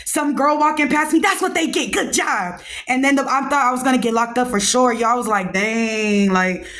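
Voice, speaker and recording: A young woman hosting a podcast, telling a story in a casual, animated and slangy way and talking straight to her listeners. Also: high-pitched. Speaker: podcast host.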